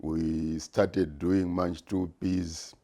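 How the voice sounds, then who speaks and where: Slow, deep-voiced man in his sixties. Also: little pitch movement, mellow. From Zimbabwe. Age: 60s. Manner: measured and deliberate, frequent "uh" pauses. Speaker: retired business executive, guest. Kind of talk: conversational interview answers.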